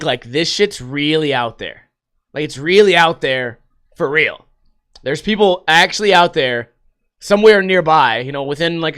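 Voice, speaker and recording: A man's voice: on the high side, fairly bright tone, smooth. A man hosting a casual solo podcast, rambling and swearing a lot and laughing often. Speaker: podcast host.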